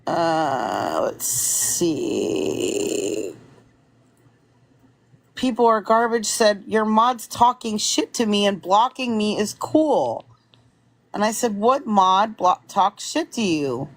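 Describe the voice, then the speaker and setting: A woman's voice: mid-range voice, poor audio. Exasperated woman reading chat messages aloud. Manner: exasperated, incredulous retelling. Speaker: content creator. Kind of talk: recounting an online argument, reading messages aloud.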